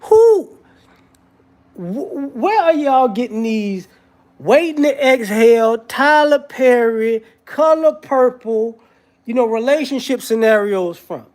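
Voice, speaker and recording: A man's voice: very high-pitched, slow pace. A man giving a casual, rambling commentary monologue with frequent restarts and repetitions.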